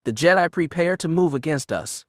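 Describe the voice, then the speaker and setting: A man reading the part of an ancient male Sith spirit bound in an amulet, speaking quietly with an archaic accent and a hiss. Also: fairly high pitch, lively intonation, normal speed, no echo, clean studio sound, pitched above the performer's own voice. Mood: chastising. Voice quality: quiet, hissing.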